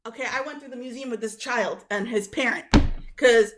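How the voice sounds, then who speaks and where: A woman on a call-in roast show, telling exasperated stories in a lively, animated way. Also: a little high, a little fast. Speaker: caller. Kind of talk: casual chat on a call-in roast.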